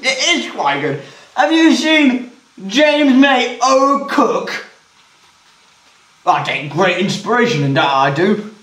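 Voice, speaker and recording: A man's voice: high voice, slow pace, long pauses. A man bantering and telling silly stories on a home cooking show, mocking voices as he goes. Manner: animated, mocking put-on British voices. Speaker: co-host of an online cooking show. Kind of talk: joking banter and silly storytelling. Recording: roomy, distant, faint noise.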